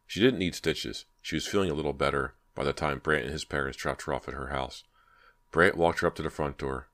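A man reading a horror audiobook in a steady, measured way. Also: very deep voice. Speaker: audiobook narrator. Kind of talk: scripted horror narration.

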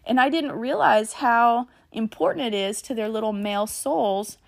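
A woman's voice: fairly high pitch, normal speed, vocal fry. Chatty, earnest woman podcast host. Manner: chatty and earnest, with anecdotes about family. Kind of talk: casual solo podcast talk.

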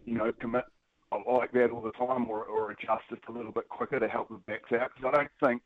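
A man's voice: medium pitch, level tone, a little fast, no echo. A man, a guest calling in, talking casually with hesitant restarts and fillers. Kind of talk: casual phone-in chat. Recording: phone line.

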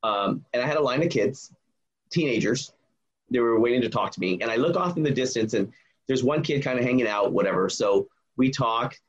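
A man who travels as a public speaker, telling earnest stories in a podcast interview and acting out the dialogue with lively energy. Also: mid-range voice, fairly quick, husky, dull audio. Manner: earnest, animated retelling with quoted dialogue. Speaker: guest, touring public speaker.

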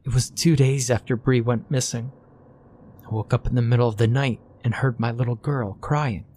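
A man's voice: medium pitch, steady tone, normal speed, warm tone, slight background noise, lightly acted. A man voicing a frightened, grieving mother who talks in a trembling, shaky voice, holding back tears. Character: frightened grieving mother, middle-aged woman.

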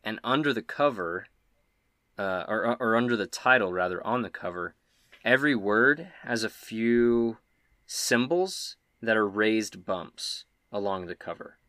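A man's voice: fairly low pitch, a little slow, no echo. Man, game master, casual narration, dry close sound. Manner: relaxed, casual, filler-heavy narration.

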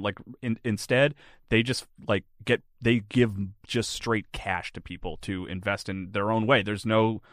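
In a studio-quality recording with no echo, a man with a fairly low voice talks at an unhurried pace. He's chatting loosely as an interview guest, wandering off topic and saying "like" constantly.

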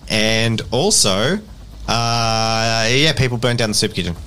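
A man's voice: lowish voice, slow pace, bright, forceful tone, clean tone. A man narrating as game master of a streamed tabletop game, recapping the story in a chatty, joking way.

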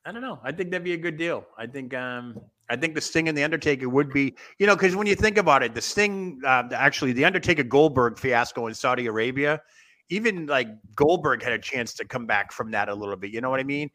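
A man's voice: medium pitch, fast talker, sharp tone. A man hosting a casual online wrestling chat, rambling and laughing, trailing off with fillers as he thinks aloud. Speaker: podcast host.

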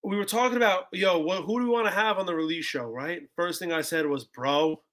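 A young man in his twenties with a high, bright voice. He chats excitably as a podcast guest and scatters "bro" and "like" everywhere. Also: quick pace. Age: 20s. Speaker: guest musician. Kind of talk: casual podcast chat.

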